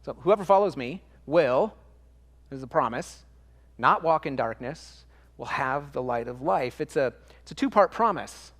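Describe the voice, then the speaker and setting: A man's voice: medium pitch, animated, moderate pace, fairly bright tone, in a large hall. A man preaching a sermon in church, earnest and emphatic, stacking up repetitions and restarting phrases as he works through a thought. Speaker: pastor.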